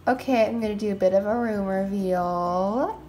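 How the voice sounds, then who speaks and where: A woman hosting a game roleplay video, talking casually and excitably as a mom, with frequent exclamations. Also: medium pitch, normal speed, soft background music.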